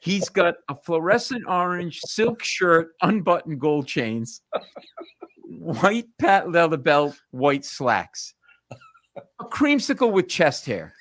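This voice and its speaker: A male comedian telling family stories on a talk show, animated and punchy, slipping into voices. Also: fairly high pitch, takes it slowly, dry recording. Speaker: comedian guest. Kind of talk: comic storytelling.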